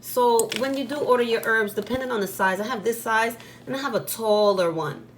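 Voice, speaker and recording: Speaking a little high and at a brisk clip, this spiritual shop owner addresses her channel's viewers head-on in a casual vlog. She scolds bluntly and says things twice for emphasis, while the room echoes and faint noise hums behind her.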